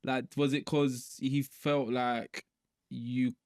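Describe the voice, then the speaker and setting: A man's voice: medium pitch, flat delivery, slow, a little mellow, dry recording, studio quality. A man interviewing a guest in casual chat, affirming and asking short follow-up questions. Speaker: podcast interviewer.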